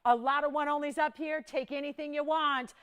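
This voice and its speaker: A woman's voice: high voice, steady tone, brisk, a bit bright. Upbeat woman selling jewelry live on air. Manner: upbeat, urgent and chatty, counting down prices. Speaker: home shopping host. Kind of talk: live home-shopping sales pitch.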